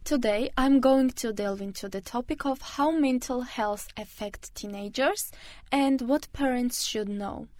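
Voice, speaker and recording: Woman radio host, measured scripted read, bone-dry studio sound. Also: medium pitch, a little mellow, no room sound. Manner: careful, measured reading.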